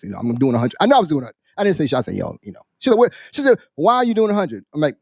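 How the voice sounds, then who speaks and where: A man, a military veteran, on a podcast, casually telling a story in an animated, profane way and acting out the people in it. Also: on the high side, racing, gravelly, hardly any pauses, husky, no echo, clean studio sound. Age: adult, military veteran. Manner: animated, profane, acts out quoted voices. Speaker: podcast co-host.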